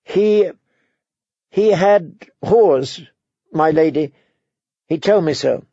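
A man voicing a timid, dutiful young noble girl who answers in hesitant, halting replies. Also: fairly high pitch, warm tone, dry recording, lo-fi sound, heavily acted.

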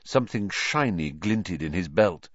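Expressive male audiobook narrator. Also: deep voice, unhurried, dry recording, highs cut off. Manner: expressive reading, doing the characters' voices.

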